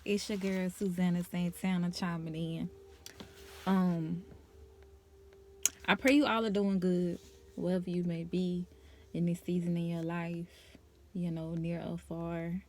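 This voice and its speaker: A woman's voice: lowish voice, little pitch movement, unhurried, long pauses, dark tone. Nervous, emotional woman telling her story. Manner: casual, conversational. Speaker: vlogger. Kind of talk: personal testimony to camera.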